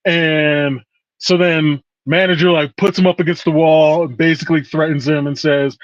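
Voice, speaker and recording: Slightly high man, muffled podcast audio. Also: moderate pace, no room sound. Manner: relaxed storyteller, recounts scenes step by step. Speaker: podcast co-host. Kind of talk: casual podcast chat.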